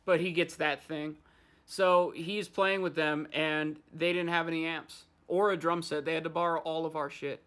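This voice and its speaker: A man's voice: a little high, flat delivery, normal speed, a bit bright, clean tone. A man hosting a podcast, ranting in loose, profane casual chat. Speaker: podcast host.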